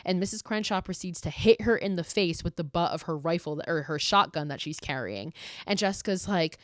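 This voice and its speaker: A woman's voice: on the low side, lively intonation, a little fast, dry recording, studio quality. Sarcastic, cussing woman recapping a movie. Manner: profane, sarcastic, gossipy retelling. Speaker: podcast host.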